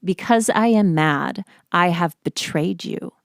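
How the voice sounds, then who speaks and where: A wronged young wife who has turned on her husband speaks with mounting, steely intensity, as a woman reads her lines. The voice is low and the sound is dry and close, with no room around it. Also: slow pace, vocal fry, no echo. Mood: cold fury.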